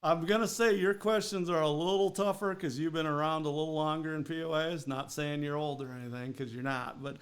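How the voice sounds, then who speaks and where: A man from Minnesota hosts a podcast quiz in casual, rambling chat. His voice sits a touch high, and he laughs easily as he talks. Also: little pitch movement, a little fast, few pauses. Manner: chatty and rambling, with frequent laughs. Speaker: podcast host and quiz master.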